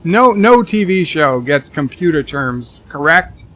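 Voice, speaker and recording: A man streaming a game live, reading viewer comments aloud and answering them with deadpan jokes and rambling asides. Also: a little high, unhurried. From Texas. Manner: rambling asides with many restarts. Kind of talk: live-stream chat reading while gaming.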